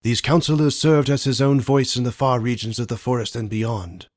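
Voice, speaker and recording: A man voicing a tender, solemn father rabbit in a storybook, telling an old tale in an earnest, halting way. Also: mid-range voice, steady tone, a little mellow, lightly acted. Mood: solemn, grieving. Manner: earnest, halting, voice breaking with emotion.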